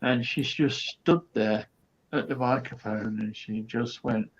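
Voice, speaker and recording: Man, guest comedian, rambling anecdote, very slow delivery, dull sound. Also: mid-range voice, slightly rough. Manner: storytelling with quoted asides and fillers.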